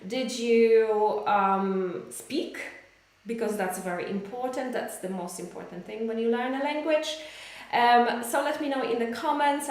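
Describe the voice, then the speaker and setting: Slow-talking Polish woman teaching English. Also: mid-range voice, heavy reverb. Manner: chatty, addresses viewers warmly, reads out comments. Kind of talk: live online English lesson.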